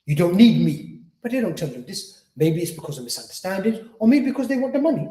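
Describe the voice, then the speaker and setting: A man's voice: sits high, very animated, fast talker, warm tone. A man teaching a lecture at an Islamic centre, talking earnestly, repeating his points and acting out what patients say. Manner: repetitive, earnest, acts out quoted patients. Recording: roomy echo.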